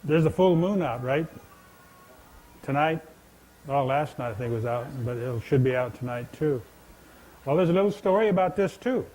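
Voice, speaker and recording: A man tells old legends to an audience from a stage in a large indoor venue. His talk is folksy and chatty, with questions thrown to the crowd. The voice sits a touch high but sounds dark and mellow. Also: lively intonation, normal speed, pauses often, low-quality recording. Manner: folksy, conversational, addresses listeners directly. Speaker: storyteller and speaker. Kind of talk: telling traditional legends to an audience.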